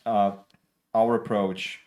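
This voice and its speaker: A man with a rather low voice hosts a relaxed interview in English. He phrases his questions in halting pieces and keeps the tone reassuring. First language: Russian. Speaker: host. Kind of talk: casual interview.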